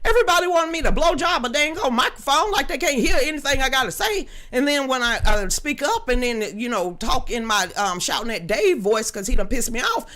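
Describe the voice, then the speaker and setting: Give me a woman hosting a casual live stream. She is loud, blunt and quick to joke, and she swears freely. Her voice is bright and edgy and swings widely up and down. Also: high voice, animated. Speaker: livestream host. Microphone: studio microphone with a level meter.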